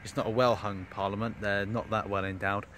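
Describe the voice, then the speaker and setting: His voice is on the low side, level and a bit bright, moving fairly quickly with a little hiss or hum behind it. He's an Englishman vlogging on his phone in a park, chatting casually to camera and rambling with lots of fillers and restarts.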